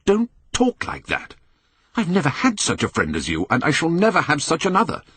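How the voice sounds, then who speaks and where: An earnest, pained painter, as a male reader plays him, urgent and pleading. His voice is pushed well above the narrator's low tone and swings widely. It is husky and close. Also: wildly swooping pitch, moderate pace, fairly bright tone, no room sound, exaggerated voice.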